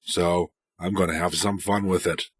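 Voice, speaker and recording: A man, hoarse from a cold, ad-libbing silly halting broken-English lines while dubbing a cartoon. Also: low voice, flat delivery, no room sound, clean studio sound. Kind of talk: comic dubbing over a cartoon. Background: cartoon soundtrack music.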